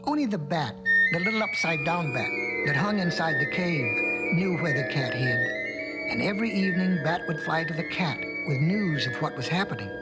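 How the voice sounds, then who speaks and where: A man narrating a storybook in a gentle, lilting way with drawn-out words, from a restored vinyl record. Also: on the high side, animated. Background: music.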